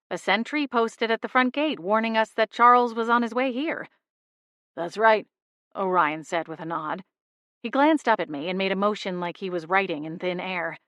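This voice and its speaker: A woman narrating a first-person audiobook in a steady, even storytelling voice on a studio microphone. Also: mid-range voice, dry recording.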